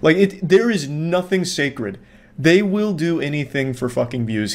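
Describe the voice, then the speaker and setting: A man hosting a commentary video, speaking in a deadpan, mocking way and swearing freely. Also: mid-range voice, normal speed. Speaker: commentary host.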